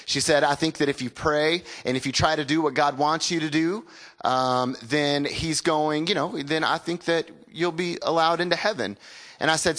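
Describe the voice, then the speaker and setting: A man's voice: fairly high pitch, fairly bright tone. A man, preaching a sermon in a conversational storytelling way and calling on the congregation to repeat words back. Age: 40s. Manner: conversational storytelling with call-and-response. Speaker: pastor.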